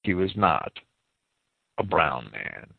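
A man delivers verse-by-verse scripture commentary in a lively, rising-and-falling voice. He talks deliberately and pauses to spell out words. The audio is thin and phone-like, with a dry, close sound. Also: extremely low pitch, creaky, husky, no echo. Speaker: Bible commentator.

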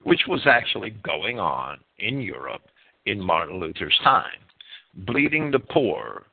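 A man's voice: deep voice, very animated, measured pace, vocal fry, slightly rough. A man reading a church-history presentation like a sermon, stumbling and repeating words as he reads a script. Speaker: preacher. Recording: tinny phone-like sound.

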